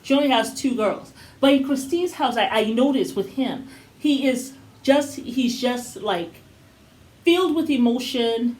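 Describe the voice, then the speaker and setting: A woman's voice: on the high side, a little slow, darkish tone, rough recording. Chatty, opinionated woman co-host. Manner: talkative, opinionated, acts out scenes. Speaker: co-host of a TV review channel. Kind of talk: casual chat.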